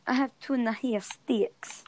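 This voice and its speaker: A teenage girl co-hosting a gaming podcast, giggling often and bursting out loudly as she plays. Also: a little high, unhurried. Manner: giggly, excitable, loud outbursts. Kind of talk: casual gameplay chat.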